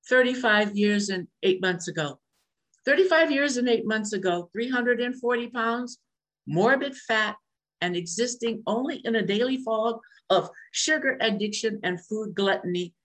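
An older woman speaking candidly over a video call, sharing her recovery story at a meeting with repeated refrains. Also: medium pitch. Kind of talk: personal recovery share.

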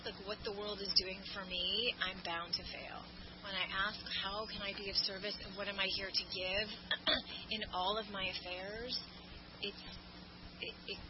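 A woman talks through her recovery at a twelve-step meeting, candid and self-mocking. She rambles with plenty of fillers and restarts. The recording is dull and lo-fi, with clear noise underneath. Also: medium pitch. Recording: muffled lo-fi recording with background noise.

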